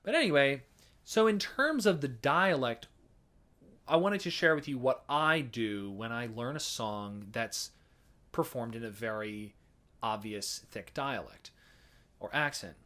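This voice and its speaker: An American man talks through a topic in a relaxed, explanatory way. He circles back, restarts phrases and leans on small fillers as he thinks aloud, with a medium-pitched voice. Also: measured pace. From United States. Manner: chatty explaining, frequent restarts and hedging fillers. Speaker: folk song presenter. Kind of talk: casual educational talk.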